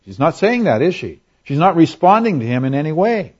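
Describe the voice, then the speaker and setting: A man's voice: a little high, very animated, a little fast, darkish tone, husky, dull audio. A man preaching a sermon in a conversational way, asking rhetorical questions and acting out quotes for humor. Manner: acts out quotes in voices for humor. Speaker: pastor.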